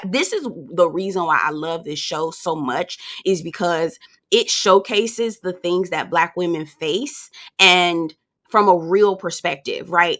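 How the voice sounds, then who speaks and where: Animated gossipy woman with a bright voice. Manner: animated and gossipy, acting out quoted people in a high voice. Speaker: reality TV reviewer. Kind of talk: casual commentary to viewers.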